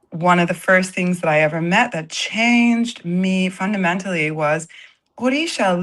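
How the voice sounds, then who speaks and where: A woman's voice: fairly low pitch, fairly bright tone, low-quality recording. A woman co-hosting a casual livestream chat, explaining in an enthusiastic way. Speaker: co-host.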